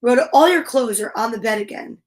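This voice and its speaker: A woman's voice: on the high side, fairly quick, lightly acted. A woman reading a storybook voicing a helpful, patient older brother. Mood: bossy.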